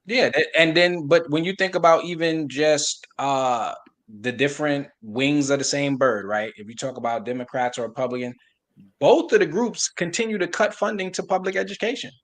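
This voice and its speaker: A man's voice: a little high, moderate pace, a bit bright. A man talking on a podcast panel, speaking casually and acting out quoted officials with a mocking voice.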